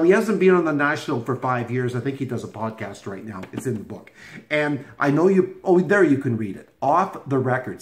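A man's voice: mid-range voice, echoey room. A man chatting casually on his video blog about books he has read, playful and rambling, teasing and talking straight to his viewers. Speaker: book vlogger.

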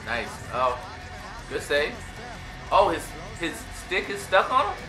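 Hype guy w/ doing sports reactions, kinda high voice, echoey room w/ music behind. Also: takes it slowly. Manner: excited, laughing, talks back to the players on screen. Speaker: sports reaction video host. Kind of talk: casual reaction commentary.

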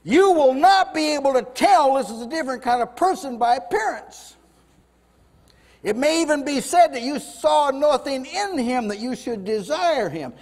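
Fervent high-voiced male preacher, echoey. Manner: fervent, rises loud when voicing God and Moses. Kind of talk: sermon. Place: house church meeting room.

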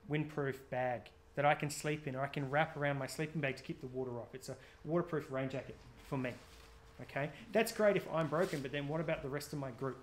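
A man's voice: fairly high pitch, a little hiss or hum. A man giving a chatty, jokey outdoor safety workshop, often quizzing his audience. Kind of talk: live gear workshop talk.

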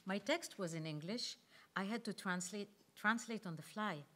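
A woman and conference speaker reading her own memoir aloud, measured and reflective, with pauses. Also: medium pitch, a bit bright.

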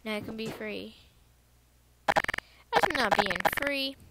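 A woman with a fairly high voice talks through a video game in a loose, excitable ramble, often repeating herself as she works things out. A loud wash of noise sits under her voice throughout the recording. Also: takes it slowly, long pauses. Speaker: gaming video creator. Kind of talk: casual gameplay commentary. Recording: loud background noise over voice.

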